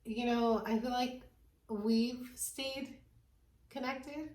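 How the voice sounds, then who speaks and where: A woman's voice: a little high, fairly even intonation, very slow, darkish tone. Young woman just chatting w her friends, kinda echoey room. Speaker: friend in group chat. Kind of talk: casual chat among friends. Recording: roomy, distant from mic.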